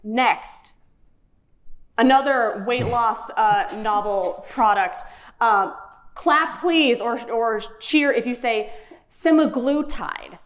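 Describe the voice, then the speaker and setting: A woman's voice: on the high side, slow, a bit bright, a little hiss or hum. A woman hosting a live podcast on stage, playfully quizzing the audience. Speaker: podcast host.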